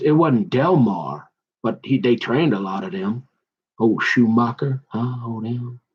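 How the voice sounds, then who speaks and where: A man's voice: mid-range voice, slightly rough, dull audio. A man talking in a loose, slangy, rambling monologue that jumps from one story to the next and keeps restarting his sentences.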